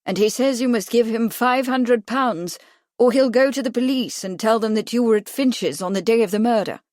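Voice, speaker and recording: Woman doing a pompous young gentleman. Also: fairly high pitch, normal speed, dry recording, clean studio sound, close to an everyday voice. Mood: insistent. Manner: insistent and commanding, raised voice.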